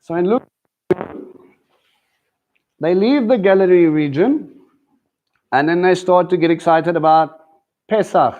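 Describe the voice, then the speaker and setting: Speaking unhurriedly and pausing often, a man with a voice that sits high teaches a live sermon over phone-quality audio. He serves as a teacher in a Messianic congregation, and his preaching is conversational, full of questions aimed at his listeners.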